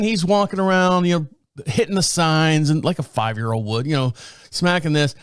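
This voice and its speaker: Chuckling, animated male podcast host. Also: a little high, normal speed, clean tone, dry recording. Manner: animated, chuckling, acts out quotes. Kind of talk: casual storytelling.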